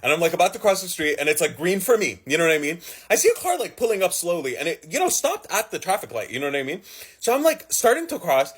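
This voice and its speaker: A young man with a slightly husky voice tells a personal story at a quick clip. His pitch is high and swings widely, and his delivery is dramatic and animated. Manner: animated, dramatic storytelling with frequent laughs and swearing. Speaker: vlogger telling a personal story. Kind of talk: casual storytime.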